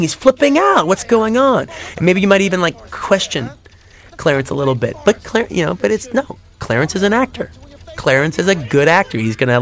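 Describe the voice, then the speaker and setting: A man's voice: medium pitch, a bit bright. A man giving a casual audio commentary on a film, rambling with many fillers and restarts and acting out audience reactions in a raised voice.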